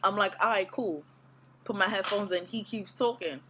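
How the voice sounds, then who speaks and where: A woman's voice: medium pitch, normal speed, a little hiss or hum, poor audio. Blunt, profane woman telling a story. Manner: blunt, profane, animated retelling. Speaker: vlogger. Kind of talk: casual storytime.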